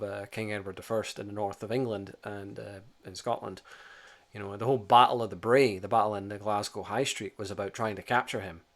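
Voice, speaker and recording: Man, history host, casual monologue, animated, swearing, lots of "you know". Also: fairly low pitch.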